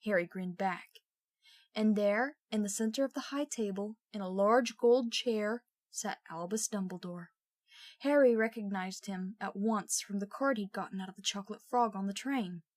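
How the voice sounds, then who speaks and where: A woman reading a novel aloud with steady, expressive storytelling. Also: mid-range voice, dry recording, clean studio sound. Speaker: audiobook reader.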